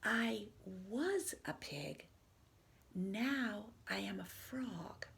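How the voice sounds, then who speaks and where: Storybook role: woman doing a perky little pig girl, high and playful, slow delivery. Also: lively intonation, creaky, fairly bright tone, a little hiss or hum, exaggerated voice. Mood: matter-of-fact. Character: cheerful little pig girl playing pretend.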